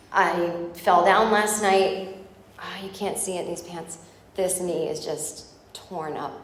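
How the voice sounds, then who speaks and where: A woman's voice: lowish voice, heavy background noise. An American woman comedian telling a chatty, exasperated stand-up story on a club stage, with mocking asides. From United States. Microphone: stage microphone. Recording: echoey live club recording.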